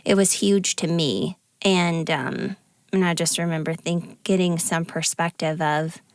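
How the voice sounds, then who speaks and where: A woman's voice: on the low side, steady tone, unhurried, dry recording. A woman co-hosting a podcast, telling personal stories in a casual, chatty way with many fillers. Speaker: podcast co-host. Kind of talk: casual conversation.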